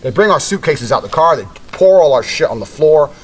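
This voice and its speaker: A man's voice: on the high side, animated, a little fast, a little hiss or hum. A man telling a story in a blunt, casual way, with heavy swearing.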